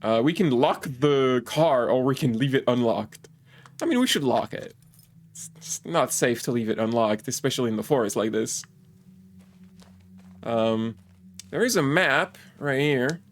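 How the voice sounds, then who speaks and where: A man's voice: medium pitch, animated, measured pace, pauses often, a little hiss or hum. A man streaming a game, reading its text aloud, stumbling over foreign words and breaking off for joking asides.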